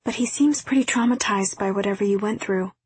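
A woman voicing a caring, gently firm mother in a novel reading. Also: mid-range voice, a little fast, husky, no room sound. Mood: gentle.

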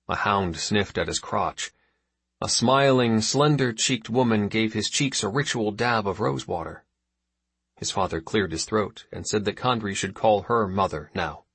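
A man narrates a novel at a steady, measured pace. His voice sits low and husky. The recording is dry and close. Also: no room sound. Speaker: audiobook narrator. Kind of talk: scripted narration.

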